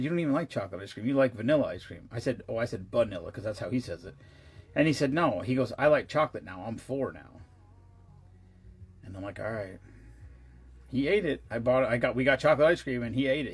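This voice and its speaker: A man's voice: mid-range voice, slightly rough. A tired man chatting casually to his viewers, rambling with many restarts and asides and the odd swear word. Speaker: vlogger. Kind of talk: casual chat.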